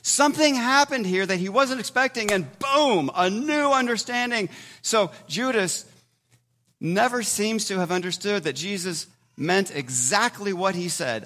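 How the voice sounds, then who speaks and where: A pastor speaks to his congregation in a loose, conversational sermon. His voice sits a little high for a man, and he jumps into loud, emphatic bursts before dropping back to a quieter tone. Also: lively intonation, a little slow.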